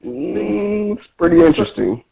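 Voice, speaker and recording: A man's voice: sits high, big pitch swings, unhurried, gravelly, dull audio, crowd noise. A man co-hosting a podcast in casual chat, rambling and hesitant as he works through his thoughts. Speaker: podcast co-host.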